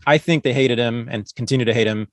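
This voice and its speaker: An opinionated man hosting a podcast at a mid-range pitch. His voice is recorded very dry and close, and he talks in an earnest, casual conversational way. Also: fast talker, no room sound. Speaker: podcast host. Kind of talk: casual interview chat.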